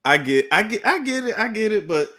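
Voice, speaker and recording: Young male guest, fairly high, bright tone, animated storyteller, swears freely. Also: fairly quick. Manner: lively storyteller, laughs, swears casually. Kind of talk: casual chat.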